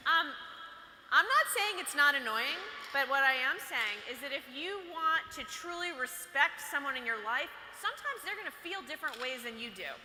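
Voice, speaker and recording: A woman with a high, bright, forceful voice gives a playful, chatty motivational talk to a live audience of girls as a workshop speaker. Her intonation is lively and her speed normal, with a little hiss or hum audible. The large hall she speaks in is echoey, with long reverb.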